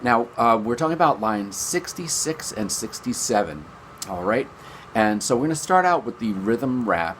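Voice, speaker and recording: A music teacher gives a string lesson from his home basement, upbeat and chatty, counting beats out loud. His voice sits lowish, and there's a little hiss or hum in the recording.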